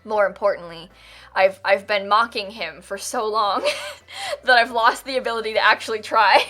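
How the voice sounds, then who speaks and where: A woman's voice: mid-range voice, big pitch swings, normal speed, pushed and bright. A young American woman chatting casually on a live stream, rambling with lots of "like" and frequent laughter. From United States. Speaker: game streamer. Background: faint background music.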